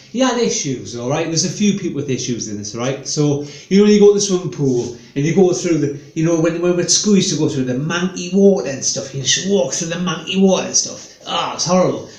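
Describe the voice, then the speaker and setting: A man's voice: on the high side, darkish tone. A man telling rambling stand-up stories, chatty and meandering. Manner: chatty, meandering, full of fillers. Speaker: stand-up comedian. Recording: echoey room.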